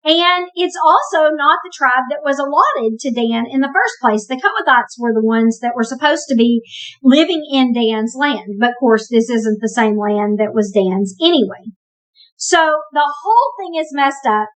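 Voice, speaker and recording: A woman's voice: sits high, expressive, moderate pace, fairly bright tone, poor audio. A woman retelling a Bible story in a casual, conversational way, with wry asides and emphasis. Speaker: Bible teacher.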